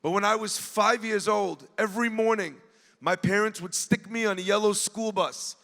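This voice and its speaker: Earnest rabbi, high gravelly voice. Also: male voice, moderate pace. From United States (New Jersey). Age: 40s. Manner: earnest, addresses the crowd directly, swells and drops to a hush. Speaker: rabbi giving a speech. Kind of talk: emotional sermon storytelling. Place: large event hall. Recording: long hall reverb.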